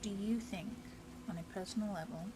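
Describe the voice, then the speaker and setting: A woman's voice: medium pitch, fairly quick, noisy background. A woman running a tabletop game podcast as game master, chatty and often drifting off topic.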